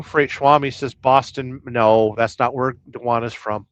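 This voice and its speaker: A man livestreams casually from his truck at a measured pace with hardly any pauses, his medium-pitched voice fairly even in intonation and clean in tone. He jokes, rambles, and reads viewers' comments out loud, though the recording is muffled.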